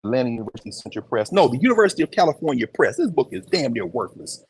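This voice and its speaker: A man giving an informal, animated lecture on location in a museum, talking conversationally with emphatic asides. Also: mid-range voice, racing, slight background noise. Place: museum, indoors.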